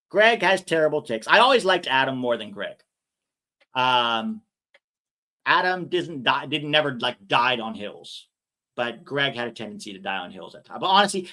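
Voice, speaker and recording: A man's voice: medium pitch, a bit bright. A young man hosting a casual live watch-along stream, chatting and reading viewer comments aloud.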